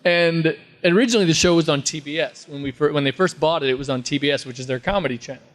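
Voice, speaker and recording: A man from Texas with a slightly high voice talks fast as a guest at a fan convention Q&A. He rambles through funny anecdotes in casual fashion, breaking into impressions and laughter.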